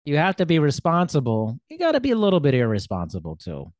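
A man's voice: fairly high pitch, huge pitch swings, quick pace, a little mellow, dry recording, studio quality. A man hosting a casual interview, chatty and self-deprecating, with lots of fillers. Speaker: podcast host.

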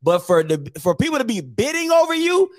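A man hosting opinionated sports commentary, blunt, joking and repetitive in an animated way. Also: very high-pitched, fairly quick, no echo, studio quality.

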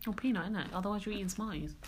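A woman's voice: medium pitch, rapid-fire. A woman co-hosting a podcast, teasing and joking in casual chat. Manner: playful, teasing, chatty. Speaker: podcast co-host. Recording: faint background noise.

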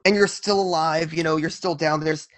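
A man's voice: a little high, steady tone, moderate pace, fairly bright tone, slight background noise. A man narrating as game master in a tabletop role-playing game, describing the action vividly.

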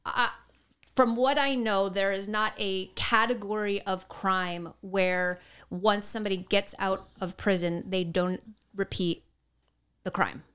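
A woman co-hosting a casual podcast, earnest and careful, hedging as she hunts for the right word. Her voice is smooth and clear at a middle pitch. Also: fairly even intonation, measured pace, a bit bright. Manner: earnest, hedging, searching for words. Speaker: podcast co-host.

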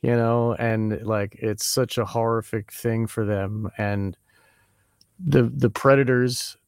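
A male podcast host with a gravelly, fry-heavy voice at a middle pitch. He chats casually and loosely and scatters "like" and "you know" through his talk. The sound is close and dry. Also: fairly even intonation, slow, no echo. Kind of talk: podcast interview.

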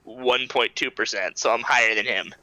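Bright-voiced young man chatting casually. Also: medium pitch, fairly even intonation, moderate pace, dry recording, poor audio. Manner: laid-back, swears often, laughs a lot. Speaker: podcast host. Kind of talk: casual chat.

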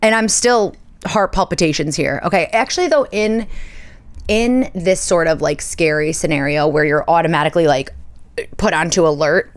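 Thirties woman podcast host, lowish voice, dramatic chatty storyteller. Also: normal speed. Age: 30s. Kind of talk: casual solo podcast storytelling.

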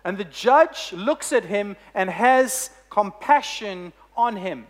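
A preacher delivering a sermon, telling a story with emphatic, deliberate phrasing. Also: mid-range voice, expressive.

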